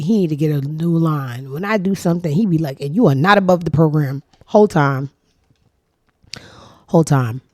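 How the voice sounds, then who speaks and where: A woman's voice: fairly low pitch, a little mellow, no room sound, studio quality. A woman hosting her own show, giving casual gossip commentary in a blunt, sassy, profane way. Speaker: show host.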